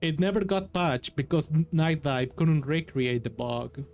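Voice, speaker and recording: A man's voice: on the high side, a little slow, a little mellow. A man casually chatting on stream about a game bug, then reading a novel aloud as narrator. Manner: rambling, swears casually. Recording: faint background music.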